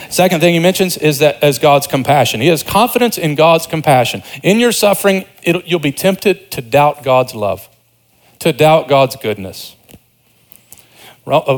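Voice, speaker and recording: Male pastor, sermon delivery, earnest, slightly high-pitched. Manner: earnest preaching, rising emphasis then quiet asides.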